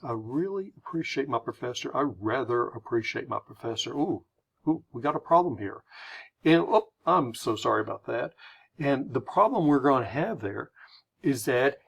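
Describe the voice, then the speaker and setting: A man's voice: mid-range voice, animated, normal speed, creaky, fairly bright tone, slightly rough. A man with an American accent teaching a lesson on word choice, chatty, stopping to explain and repeating example phrases aloud.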